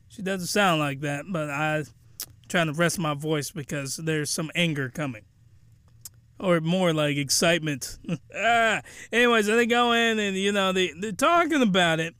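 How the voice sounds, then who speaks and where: A man hosting a podcast, giving a comedic recap of a cartoon episode in animated slang and breaking into excited shouts. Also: fairly high pitch, normal speed, clear, resonant tone, no echo. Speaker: podcast host.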